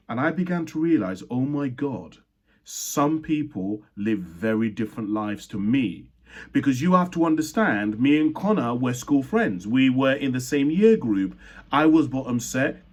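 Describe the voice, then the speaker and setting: A young man born in Uganda recounts his own life story, earnest and reflective. His voice sits at an everyday middle pitch, and he often trips over a word, stops, and starts the sentence again. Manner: earnest, reflective, with frequent restarts and self-corrections. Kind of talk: personal storytelling talk.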